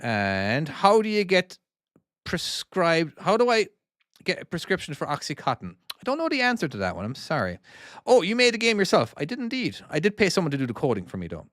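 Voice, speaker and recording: A man's voice: fairly high pitch, huge pitch swings, a little fast, a bit bright, no room sound, clean studio sound. A man in his forties with a Cork Irish accent, chatting casually on a livestream while he plays his own game and reads out comments, rambling and often repeating and restarting his words. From Ireland (Cork). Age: 40s. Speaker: indie game developer and streamer.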